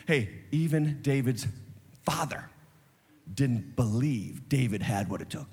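A man preaching a sermon as lead pastor, telling Bible stories in an animated, acted-out way. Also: mid-range voice, a little slow, husky. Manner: animated storytelling, acts out Bible scenes. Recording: long reverb of a large church hall.

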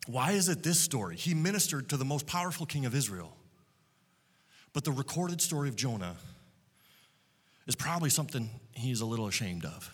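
A man preaching a sermon as pastor, telling a story with animated retellings of quotes. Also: on the high side, big-room sound. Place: church hall with multiple locations.

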